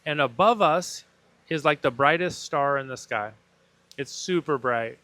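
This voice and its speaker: A man's voice: fairly high pitch, measured pace, sharp tone, no echo. A man, a podcast guest, telling an earnest and emotional personal story and acting out the dialogue in it. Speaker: podcast guest, breathwork facilitator.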